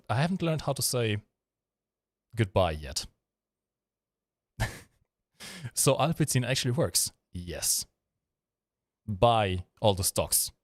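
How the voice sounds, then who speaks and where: A man's voice: lowish voice, dry recording. A man hosting a live stream, chatting casually and joking while he reads the chat, with frequent ums and uhs. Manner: joking, rambling, with frequent fillers.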